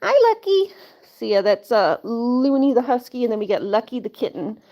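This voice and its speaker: A woman's voice: fairly high pitch, fairly quick, warm tone. A woman hosting a casual live stream from home, chatting with viewers in a rambling way full of "like" and little laughs. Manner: chatty, lots of "like" and laughs, coos to pets. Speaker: livestream host. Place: home, indoors. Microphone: phone or webcam camera.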